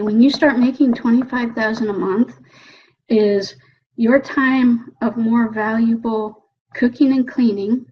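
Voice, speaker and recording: Husky, animated woman motivational speaker. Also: on the high side. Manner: animated and coaxing, keeps asking "okay?". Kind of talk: motivational talk. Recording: dull lo-fi recording.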